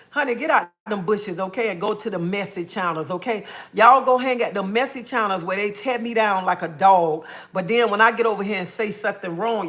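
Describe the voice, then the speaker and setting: Sassy, bright-voiced woman streaming live. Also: mid-range voice. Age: adult, a mother. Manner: sassy, blunt, calls viewers honey and baby; repeats "okay?" after points. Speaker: livestreamer. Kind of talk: casual live-stream rant.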